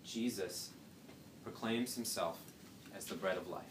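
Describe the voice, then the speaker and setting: A young man with a slightly low voice leads a casual Bible study, talking through the passage in a chatty way and dropping in rhetorical questions and jokes. He sits back from the microphone in a roomy, echoing space. A faint background hum runs underneath. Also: unhurried. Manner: conversational, rhetorical questions, joking asides. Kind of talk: casual scripture teaching. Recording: roomy, distant mic, faint background noise.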